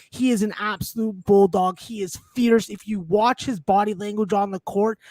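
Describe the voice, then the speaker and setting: A man's voice: high voice, a little mellow, no room sound. A man appearing as a guest handicapper on a live betting show, talking brashly with lots of swearing. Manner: brash, profane trash talk. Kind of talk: live sports betting chat.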